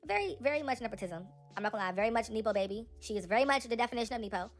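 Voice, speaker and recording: A young woman giving casual, animated celebrity gossip commentary, talking straight to her viewers. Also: on the high side, racing, faint music behind.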